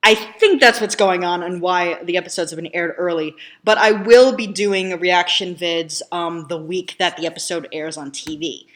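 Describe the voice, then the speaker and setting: A woman hosting a reaction video in casual chat, rambling with lots of ums and likes. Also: on the low side.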